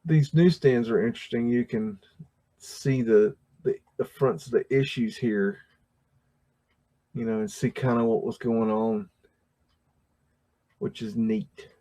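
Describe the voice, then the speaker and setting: A man's voice: medium pitch, steady tone, measured pace, pauses often, dark tone. A man hosting a livestream, talking casually through old photographs in a rambling way, with many fillers and restarts and frequent chuckles. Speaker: livestream host.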